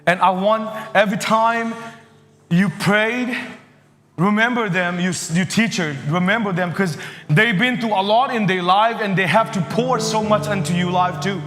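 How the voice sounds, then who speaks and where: A man giving an animated, halting sermon to children, with non-native phrasing. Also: sits high, in a large hall, soft background music. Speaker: children's ministry preacher.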